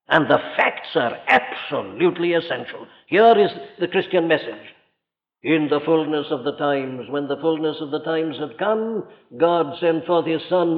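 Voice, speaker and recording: Emphatic preacher in a reverberant hall. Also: male voice, on the high side. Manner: emphatic and rhetorical, with sudden rises and drops. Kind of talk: sermon. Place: church or large hall. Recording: dull lo-fi recording with long hall reverb.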